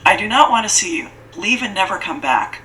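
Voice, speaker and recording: A woman's voice: mid-range voice, lively intonation, fairly quick, bright, forceful tone, poor audio. A woman voicing a cruel, vengeful female spider-queen villain who speaks in cold, commanding tones and erupts into screaming rage. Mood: furious.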